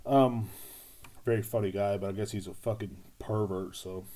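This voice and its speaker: A man's voice: fairly low pitch, fairly even intonation, normal speed, warm tone. A young man hosting a podcast, rambling through a crude comedic monologue full of fillers, repeats and slang. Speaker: podcast host.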